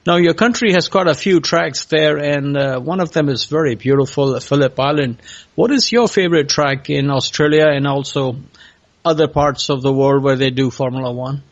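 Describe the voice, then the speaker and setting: Halting male podcast host, lo-fi. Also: a little high. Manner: halting, asks questions with many pauses. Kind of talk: interviewing a guest. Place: California.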